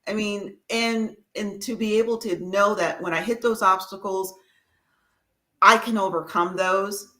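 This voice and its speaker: Slow-talking woman with a bright voice. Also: mid-range voice, steady tone. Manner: slow and thoughtful, with self-corrections. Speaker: author and filmmaker guest. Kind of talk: reflective interview answers.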